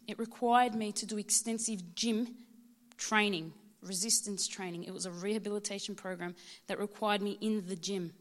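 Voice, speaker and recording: A woman in her thirties with an Australian accent, giving a prepared personal testimony at church in a heartfelt, measured way. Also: mid-range voice. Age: 30s.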